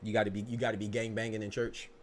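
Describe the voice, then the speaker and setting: A man hosting a casual live-stream podcast, talking fast and arguing hard in loose slang, repeating himself for emphasis. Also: lowish voice, a little hiss or hum. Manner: animated, argumentative, repetitive, slangy. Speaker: podcast host.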